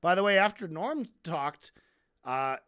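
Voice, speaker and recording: This streamer's voice sits at an ordinary middle pitch, and the delivery is loose and off the cuff. The host is sarcastic, swears a lot and keeps slipping into mocking impressions of the people being discussed. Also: big pitch swings, measured pace, a bit bright, clean tone. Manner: sarcastic and heavily profane; mocks people by acting out their lines. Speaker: streamer analyzing debates. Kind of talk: casual stream commentary.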